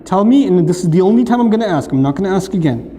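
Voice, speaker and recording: An exasperated mother keeps repeating stern last-chance ultimatums, as a man acts her out. The voice stays close to his own: fairly high for a man but mellow and soft-edged. It rings out in a long hall reverb. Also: expressive, racing. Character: exasperated mother demanding the truth.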